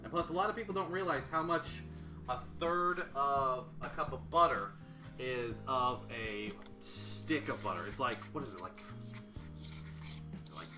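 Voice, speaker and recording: A man's voice: medium pitch, animated, a little slow, over music. A man chatting casually with his viewers while he cooks on a live stream, rambling as he measures ingredients. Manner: rambling, chatty, talks to chat while cooking.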